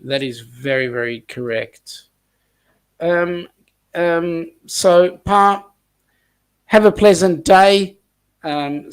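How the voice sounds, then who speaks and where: An Australian man hosts a casual livestream, his fairly high voice rambling along with plenty of ums. He reads viewer comments aloud as he chats. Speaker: host of a cruise chat livestream.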